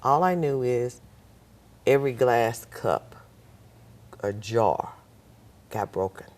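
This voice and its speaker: A woman's voice: a bass voice, expressive, slow, a little mellow. A woman telling her life story as a guest on a talk show, bringing in the voices of the people in her account. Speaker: nurse. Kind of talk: personal storytelling.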